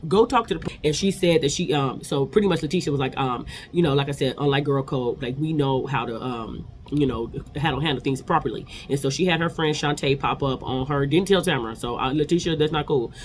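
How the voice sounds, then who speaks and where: A woman's voice: sits low, brisk, hardly any pauses, a little hiss or hum. A woman in her forties giving a chatty, opinionated casual recap of reality TV episodes.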